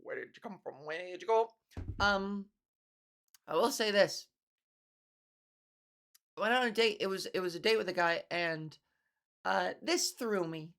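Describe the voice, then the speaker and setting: A woman's voice: medium pitch, a bit bright. Woman podcaster, solo comedic monologue, dry and meandering. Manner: wry, rambling comedic storytelling with casual swearing. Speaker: podcast host.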